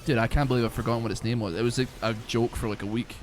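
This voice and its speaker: A man's voice: medium pitch, steady tone, rapid-fire. Rambling, swearing male streamer. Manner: rambling and profane, full of filler words. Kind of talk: casual chat while playing a video game.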